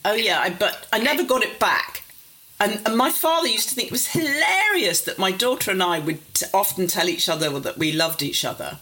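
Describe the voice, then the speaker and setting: A woman's voice: mid-range voice, animated, a little fast, sharp tone, poor audio. An older woman from near Warrington, a psychotherapist telling wry family stories in a casual interview. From England, near Warrington. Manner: wry, self-mocking, acts out quoted voices. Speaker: interview guest, psychotherapist and author. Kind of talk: casual conversational storytelling.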